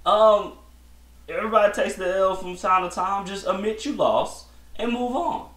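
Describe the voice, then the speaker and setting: A man's voice: high-pitched, normal speed, a bit bright. A man hosting a solo podcast, giving blunt, slangy opinions in a rambling casual chat with many restarts. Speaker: podcast host. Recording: echoey room.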